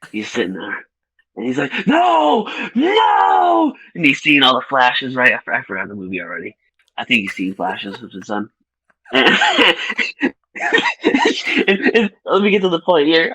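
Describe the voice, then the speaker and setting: A young man co-hosting a casual film review podcast, ranting profanely and laughing through animated retellings. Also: medium pitch, dry recording, low-quality recording. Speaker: podcast co-host.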